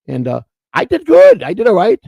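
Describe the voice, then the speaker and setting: A man chats on a casual morning livestream, spinning long stories in a gravelly, slightly high voice. He doubles back and repeats words as he goes. The sound is dry and close. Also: huge pitch swings, moderate pace, mellow, no echo, low-quality recording. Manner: rambling storyteller, repeats words. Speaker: co-host.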